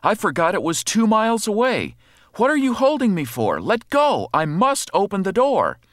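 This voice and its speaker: A man's voice: high voice, wildly swooping pitch, moderate pace, fairly bright tone, no room sound, studio quality, pitched above the performer's own voice, heavily acted. A man voicing a frantic, grieving old mother who screams and pleads.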